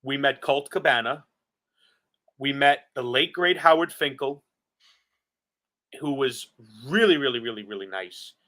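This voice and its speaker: A man's voice: medium pitch, expressive, a little slow, pauses often, bright, forceful tone. A man from Staten Island, co-hosting a podcast and telling stories earnestly and with enthusiasm. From Staten Island, New York. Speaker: podcast co-host. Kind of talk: casual chat.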